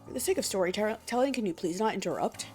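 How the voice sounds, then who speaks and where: A woman's voice: mid-range voice, animated, fast, darkish tone, soft background music, natural voice. A woman voicing an earnest male lobster police officer in a game, with a pompous storytelling manner. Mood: self-important.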